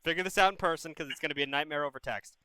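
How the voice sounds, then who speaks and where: Fast, bright-voiced profane male host. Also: fairly high pitch, a little hiss or hum. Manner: profane, blunt, bro-ish. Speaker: call-in show host. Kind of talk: casual advice chat with callers.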